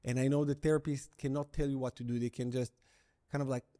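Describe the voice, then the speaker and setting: A man's voice: medium pitch, level tone, quick pace, mellow. A middle-aged man coaching viewers through breakup recovery, blunt and emphatic, repeating his key phrases for weight. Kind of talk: direct-to-camera coaching talk.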